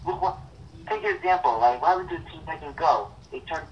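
A young man co-hosting a casual chat, speaking haltingly with repeated words and blunt opinions. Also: fairly high pitch, expressive, far from the mic, muffled recording, slight background noise. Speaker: co-host.

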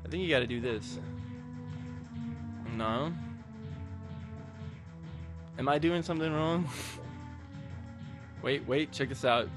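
A man's voice: medium pitch, slow pace, pauses often, music in the background. A man giving casual, jokey gameplay commentary as a let's play host, rambling with crude asides.

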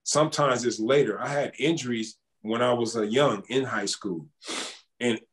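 A man's voice: medium pitch, normal speed. A man in his thirties, a former basketball player, telling stories in a casual interview and acting out the dialogue as he goes. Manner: animated storyteller acting out dialogue.

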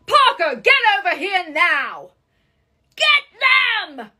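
A woman voicing a bossy villainous female scientist in a cartoon, shouting orders in a shaky put-on Australian accent. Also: very high-pitched, sing-song, slow pace, voice pushed up, full character voice. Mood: barking orders. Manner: loud, shouted commands.

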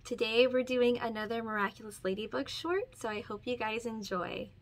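A woman's voice: on the high side, normal speed. A young woman hosting her channel and reading a short comic story aloud. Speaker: channel host reading stories. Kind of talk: read-aloud story narration.

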